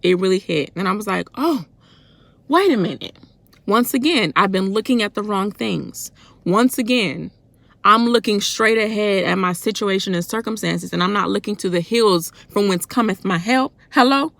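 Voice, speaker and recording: A woman giving a fervent, colloquial devotional talk for her faith vlog. She speaks loudly and in a worked-up way, and keeps asking rhetorical questions. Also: medium pitch, moderate pace, vocal fry, no echo. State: loud and worked up. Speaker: faith vlogger.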